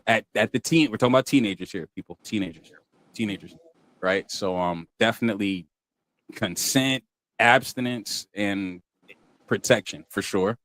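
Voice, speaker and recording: A man co-hosting a podcast, talking in a relaxed, easygoing way. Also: lowish voice, moderate pace, dry recording. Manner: relaxed, trails off with ums. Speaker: podcast co-host. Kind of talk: casual chat.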